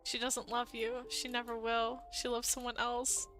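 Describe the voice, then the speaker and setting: A woman reading a quiet, heartbroken young man. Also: a little high, steady tone, a little fast, faint music behind. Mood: subdued. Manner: subdued, soft narration.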